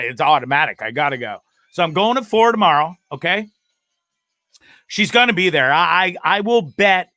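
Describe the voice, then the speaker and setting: Man, middle-aged, crude rambling host, bright tense voice, dry close sound. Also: sits high, no room sound. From Canada. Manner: crude, profane, self-mocking and rambling; repeats words and restarts a lot. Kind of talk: casual rambling monologue.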